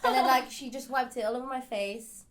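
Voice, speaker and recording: A young woman who grew up in Ireland, chatting casually and telling an animated story about her family. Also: sits high, a little fast, noisy background. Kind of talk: casual chat.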